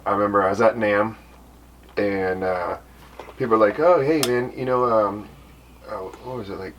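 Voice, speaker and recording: A man from the Bay Area tells a story in a relaxed, rambling voice. He sits well back from the mic, and a faint noise runs under him. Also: fairly low pitch, normal speed, distant mic. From Bay Area, California. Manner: laid-back, rambling, drops in "you know". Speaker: band member, podcast co-host. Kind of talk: casual storytelling chat.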